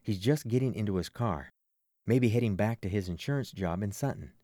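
A man narrating a first-person audiobook with expressive storytelling. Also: lowish voice, fairly quick, no room sound, clean studio sound.

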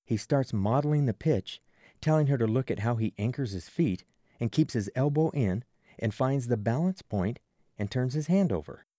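A man narrating a first-person audiobook with expressive storytelling. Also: mid-range voice, moderate pace, no echo, studio quality.

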